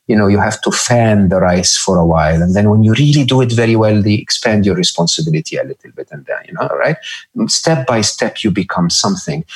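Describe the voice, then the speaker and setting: A middle-aged man as a podcast guest, speaking reflectively, often repeating words and checking in with "right?". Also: fairly low pitch. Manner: thoughtful, repeats words, frequent "right?" and "hmm?". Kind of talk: reflective interview talk.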